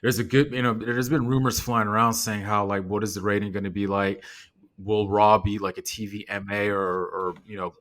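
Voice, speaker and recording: A man in casual wrestling chat, talking in an excited, conversational way. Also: lowish voice, a little fast. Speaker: podcast co-host.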